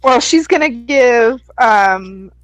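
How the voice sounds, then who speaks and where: A woman's voice: a little high, expressive, slow pace, dry recording, poor audio. A woman playing in a tabletop game, describing her character's actions playfully. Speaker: player. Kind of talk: tabletop game role-play.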